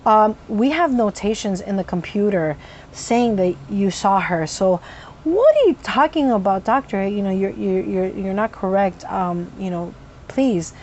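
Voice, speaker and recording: A woman's voice: medium pitch, animated, a little slow, darkish tone, highs cut off, slight background noise. A woman telling a casual story-time vlog, swearing a lot and breaking off with sudden vocal tic outbursts.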